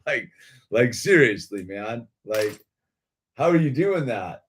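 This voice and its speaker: A man's voice: medium pitch, sing-song, takes it slowly, a bit bright, a little hiss or hum. A middle-aged man telling a rambling story in laid-back slang, calling everyone dude and laughing often. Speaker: video creator.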